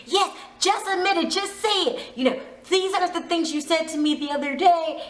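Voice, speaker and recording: Quick impression: shrill, accusing jealous young woman, pitched up high, voiced by a woman in a roomy room. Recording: roomy echo.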